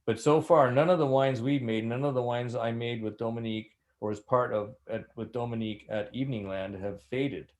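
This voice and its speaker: An older man, a winemaker and master sommelier, telling rambling, animated stories in an interview. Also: medium pitch, a little fast, hardly any pauses. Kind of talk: anecdotal interview storytelling.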